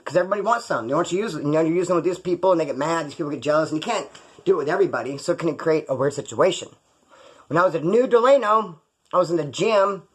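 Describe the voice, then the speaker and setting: On his own video channel, a man who grew up in California casually tells stories, rambling and using lots of prison slang. His voice is on the high side and a bit bright, and the recording quality is low.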